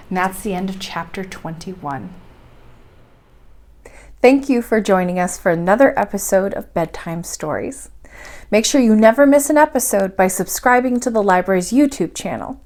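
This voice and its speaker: A woman narrating a bedtime story for a library, calm and steady. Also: medium pitch, normal speed.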